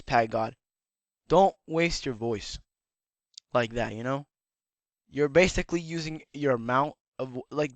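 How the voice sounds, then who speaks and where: Here a YouTube commentator lectures in a casual, rambling way with a fairly high, somewhat bright voice that's slightly worn and cracks at times. He keeps tacking on "all right?", and the recording is echo-free.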